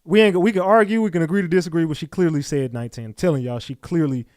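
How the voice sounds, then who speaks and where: A man's voice: on the high side, fast talker, darkish tone, no room sound. Blunt, profane man giving a dry reaction. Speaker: streamer reacting to clips. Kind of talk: casual reaction commentary.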